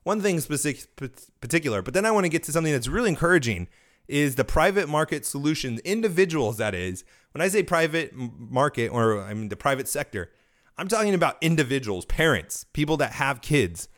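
A man's voice: a little high, sing-song, brisk, fairly bright tone, no echo. A man hosting a solo podcast, talking casually and thinking aloud while getting over a cold, with a dry throat. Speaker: podcast host.

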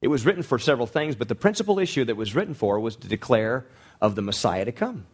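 Animated male preacher with lively pitch. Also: fast talker, husky. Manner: animated, conversational preaching with rhetorical questions and humor. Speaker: guest preacher, missionary. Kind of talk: sermon.

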